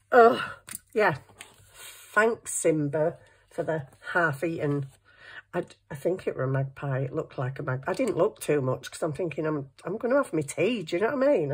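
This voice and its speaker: A middle-aged woman chats through a crafting vlog, rambling and self-mocking as she hunts for supplies on her desk at home. Her voice is a little husky and sits on the low side. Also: expressive, moderate pace. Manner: rambling, self-mocking, talks to herself while working. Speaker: craft vlogger.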